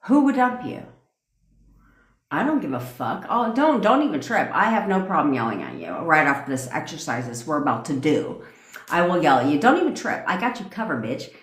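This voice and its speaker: Ranting bluntly and with plenty of profanity, a female manifestation coach answers comments during a casual livestream. She has a low voice with big pitch swings, talks fairly quickly, and sounds roomy.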